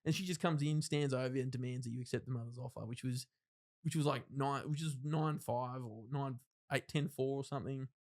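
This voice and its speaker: A man's voice: mid-range voice, fairly even intonation, a little fast. Man, thirties, podcast guest: blunt, rambling storyteller with lots of restarts and casual swearing. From Australia. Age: 30s. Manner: rambling, self-interrupting retelling with frank swearing and acted-out quotes. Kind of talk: casual interview, personal storytelling.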